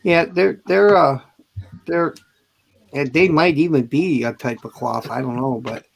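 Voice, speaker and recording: Easygoing man on a call, voice sits a bit high, laughs easily. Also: measured pace, gravelly. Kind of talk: casual chat. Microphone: video call.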